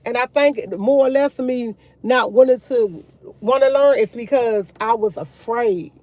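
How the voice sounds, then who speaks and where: A woman's voice: a little high, measured pace, darkish tone, dry recording. Black lady chatting on her vlog, rambly, starts over a lot, dry close sound. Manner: rambling, restarts often, talks to viewers as y'all. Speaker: vlogger. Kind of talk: casual faith chat to camera.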